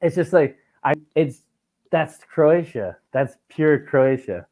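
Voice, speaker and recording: A man's voice: on the high side, takes it slowly, phone-quality sound. A man from Canada hosting a podcast, telling travel stories in casual chat, full of swearing and acted-out dialogue. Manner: profane, animated storytelling with mimicked dialogue. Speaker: podcast host.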